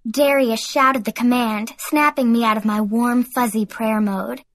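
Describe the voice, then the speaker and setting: A woman narrating a young adult audiobook in the first person, in a lively teen-girl voice. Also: a little high, unhurried.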